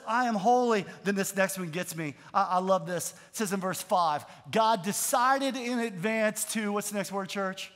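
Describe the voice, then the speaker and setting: A middle-aged male pastor with a notably high voice, preaching a sermon. He slides from easy storytelling into emphatic, rising declarations and leads the congregation in call-and-response. His voice rings with a long reverb in a large church hall. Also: normal speed, few pauses, a bit bright. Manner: calls on the congregation to repeat lines.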